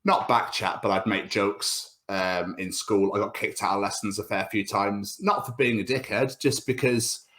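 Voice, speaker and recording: A man's voice: lowish voice, steady tone, moderate pace, hardly any pauses, a bit bright. A man in his thirties with a British accent, telling school stories as a podcast guest, laughing often and swearing freely. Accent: British English. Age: 30s. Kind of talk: casual podcast chat.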